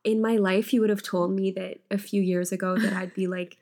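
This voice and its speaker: A woman hosting a podcast, chatting in a relaxed, encouraging and agreeable way. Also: mid-range voice, brisk. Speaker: podcast host. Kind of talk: casual podcast chat.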